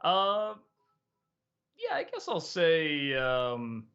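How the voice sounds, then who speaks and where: A man's voice: fairly high pitch, wildly swooping pitch, drawn-out words, fairly bright tone, clear, resonant tone, highs cut off. A middle-aged man answering viewer questions in a casual livestream chat, rambling, laughing often and swearing freely.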